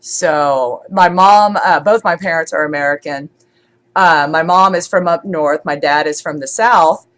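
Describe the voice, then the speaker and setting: A woman's voice: sits low, a little slow, fairly bright tone. A congested woman streamer chatting casually, rambling with many fillers and restarts. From born in Scotland, raised in Germany. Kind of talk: casual chat.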